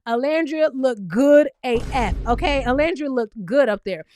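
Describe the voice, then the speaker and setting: A woman recapping a reality show in casual, animated commentary, full of laughter and sassy asides. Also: sits high, normal speed, slight background noise.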